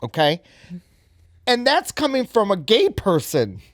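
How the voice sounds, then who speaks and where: Lively, swearing man host, pitch swings a lot, dry close mic. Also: a little slow, no room sound. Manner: animated, profane, lots of fillers. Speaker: podcast host. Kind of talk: casual podcast chat.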